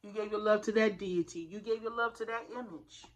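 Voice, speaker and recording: A woman's voice: mid-range voice, a little fast. A woman giving a spiritual tarot reading in a fervent, preacher-like way, calling her listeners y'all. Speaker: tarot reader.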